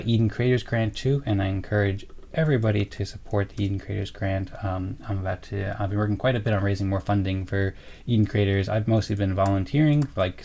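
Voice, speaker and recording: A young man co-hosts a casual livestream in a low, gravelly voice. His delivery is flat and meandering, full of fillers and restarts as he reads chat comments and rambles on. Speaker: co-host of a livestream.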